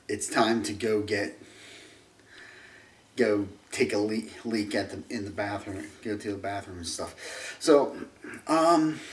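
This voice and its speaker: A man ranting through a film review, rambling, restarting sentences and turning sarcastic. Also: lowish voice. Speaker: movie reviewer. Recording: roomy echo, distant mic.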